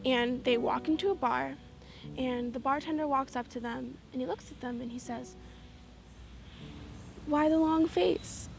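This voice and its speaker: A woman's voice: high voice, measured pace, gravelly, long pauses, a little hiss or hum. An actress playing a young woman who tells crude jokes with constant laughter and talks tenderly to her partner. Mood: joking. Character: young woman, irreverent, affectionate joker. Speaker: girlfriend character telling a joke. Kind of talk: film dialogue, casual banter. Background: music.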